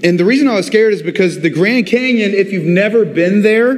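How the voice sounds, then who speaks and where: A male pastor preaching a sermon, telling a story with animated delivery and speaking directly to his congregation. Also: high voice, normal speed, hardly any pauses. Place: church before a congregation. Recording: long echo of a large hall.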